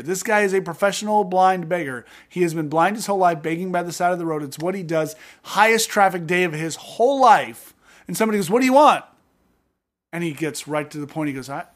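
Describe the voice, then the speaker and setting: Guy hosting a bible podcast, kinda higher voice, does little voices for the people in the story. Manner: animated storyteller acting out scenes. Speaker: podcast co-host. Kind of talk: casual Bible-reading podcast chat. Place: studio.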